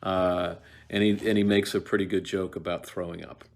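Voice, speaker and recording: A man's voice: low-pitched, level tone, gravelly, darkish tone. A man giving a casual lecture on a play, digressing often, with many fillers and restarts. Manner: acts out lines in quick quoted voices. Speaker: actor teaching Shakespeare.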